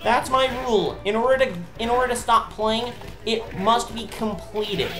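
Woman gamer, higher voice, ranting and cursing through play, game music loud behind. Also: moderate pace, reverberant. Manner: exasperated ranting, frequent swearing. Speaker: let's play host. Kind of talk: gameplay commentary.

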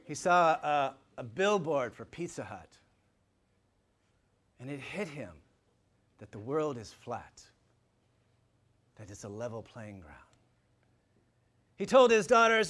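A man giving a public lecture to a live audience, animated and emphatic, swinging from loud points to hushed asides. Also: medium pitch, takes it slowly, pauses often. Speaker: guest lecturer.

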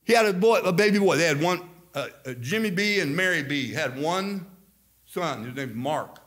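A man's voice: on the high side, normal speed. An older man from Indiana with a slight Southern-sounding accent, preaching an emphatic sermon as pastor. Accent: slight Southern-sounding American. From Indiana, USA. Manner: emphatic, animated preaching with quoted asides.

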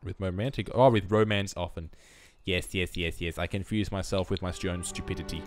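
Music plays behind this young gameplay commentator, whose low-pitched voice moves fairly quickly with mostly even intonation. Chatting through a life-sim game in casual let's-play style, he talks to his characters and mocks himself.

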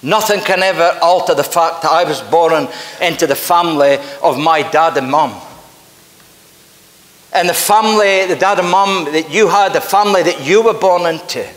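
A man's voice: on the high side, normal speed, a bit bright. A man with a Scottish accent, a pastor preaching a sermon in an earnest, emphatic storytelling manner in a church. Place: church sanctuary. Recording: echoey church hall with long reverb.

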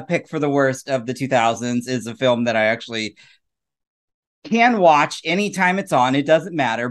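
A man appearing as a podcast guest, chatting casually in a playful, giggly way. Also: medium pitch.

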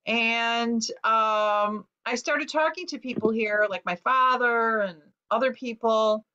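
An earnest woman author recounts a painful family discovery, weaving in quoted dialogue and frequent fillers. Her voice sits slightly high. The recording is muffled and lo-fi. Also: takes it slowly, pushed and bright. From United States. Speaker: author guest. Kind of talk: personal interview storytelling. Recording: dull lo-fi recording.

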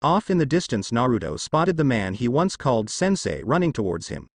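A man narrating a fan fiction story in a plain, steady reading. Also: medium pitch, brisk, slightly rough, no room sound, studio quality.

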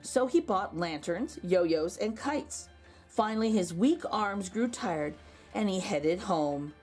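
A woman reading a children's picture book aloud, expressive with gentle asides. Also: mid-range voice, takes it slowly, faint music behind.

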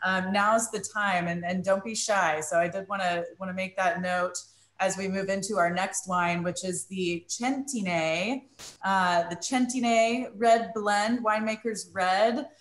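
A woman's voice: medium pitch, fairly even intonation, unhurried. Woman host, virtual tasting, encouraging and upbeat, roomy echo on the call. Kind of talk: hosting a virtual wine tasting. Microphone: video call. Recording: echoey room on a call.

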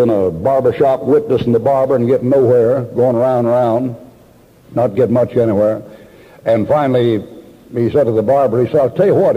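A man's voice: medium pitch, husky. A male preacher, telling folksy anecdotes in an emphatic sermon full of repetition. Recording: dull old sermon tape in a reverberant hall.

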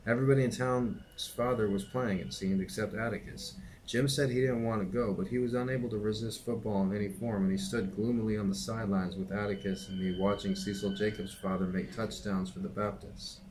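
Lowish-voiced man reading a novel aloud. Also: slight background noise, rough recording. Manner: steady, unhurried narration. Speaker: reader and teacher.

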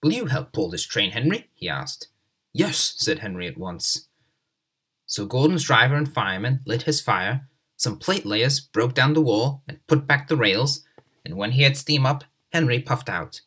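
A man narrating a children's railway story with a husky, slightly breathy voice. His pitch rises and falls a lot as he reads, lively and expressive. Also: moderate pace.

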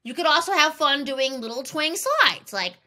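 A woman singing teacher giving an upbeat, encouraging vocal lesson with sung warm-up exercises over piano. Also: high-pitched, lively intonation, moderate pace. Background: piano accompaniment.

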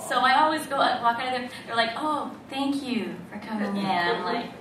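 A woman's voice: fairly high pitch, animated, normal speed, distant mic. Woman, voice actress, self-deprecating, giggly, noisy echoey hall. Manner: giggly, self-deprecating, acts out her thoughts. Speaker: voice actress on a panel. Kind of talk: self-mocking anecdote.

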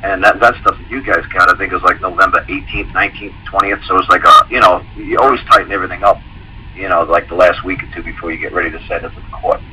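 A man's voice: sits low, little pitch movement, quick pace, sharp tone, slight background noise, rough recording. A man, a guest on a call-in show, explaining at length in a rambling, repetitive way and acting out anecdotes in quoted dialogue. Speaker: guest speaker.

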